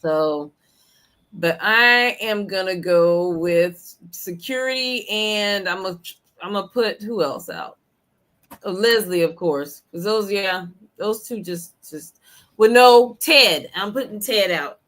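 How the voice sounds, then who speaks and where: Female co-host at middle pitch, laid-back and chatty on a video call. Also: slow, fairly bright tone. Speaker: podcast co-host. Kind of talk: casual chat.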